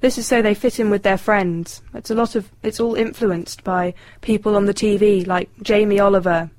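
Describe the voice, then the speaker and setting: A woman from southwest London giving an opinionated, measured short statement. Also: mid-range voice, steady tone, darkish tone, no room sound. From southwest London, England.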